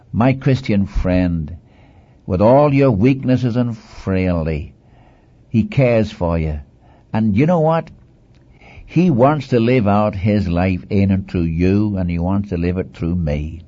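A man's voice: fairly low pitch, slow pace, warm tone. A man preaching a sermon in an earnest, exhorting manner, repeating phrases for emphasis, on a dull lo-fi recording.

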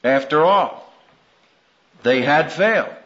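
A high-voiced man preaching with lively, sweeping pitch and a slow, deliberate pace. He is dramatic and acts out the voices he quotes. The recording sounds dull and lo-fi. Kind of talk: sermon.

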